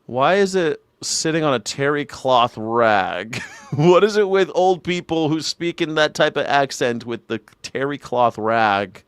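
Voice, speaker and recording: A young adult man hosting a live news and culture commentary stream, loud and mocking, swearing freely and mimicking the clips he plays. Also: on the high side, lively intonation, a little slow, clear, resonant tone, no echo, clean studio sound.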